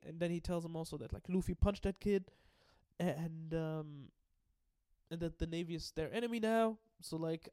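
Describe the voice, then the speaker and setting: A high-voiced man gives a loose, excitable recap of an anime episode. He swears freely, laughs often and keeps stumbling over restarts. The sound is close and dry, with no room echo. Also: fairly quick, clear, resonant tone. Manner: rambling with many restarts and fillers.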